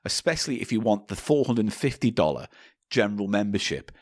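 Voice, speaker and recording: A man's voice: on the low side, big pitch swings, brisk, no echo, studio quality. A man co-hosting a comedy podcast, telling a story and reading articles aloud, sometimes stumbling over words. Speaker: podcast co-host.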